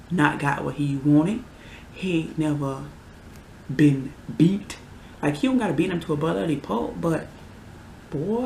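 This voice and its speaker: Gravelly young adult ranting in an echoey room. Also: mid-range voice, darkish tone, slight background noise. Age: 20s. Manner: heated, exasperated ranting with sudden outbursts. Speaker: vlogger. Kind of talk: casual ranting vlog. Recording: roomy echo.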